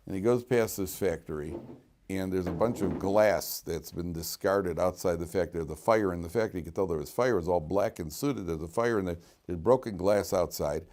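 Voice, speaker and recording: Animated joking rabbi telling stories. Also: male voice, low voice, a little fast. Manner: animated, joking storyteller who repeats words. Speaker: rabbi teaching a weekly class. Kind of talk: lively classroom storytelling.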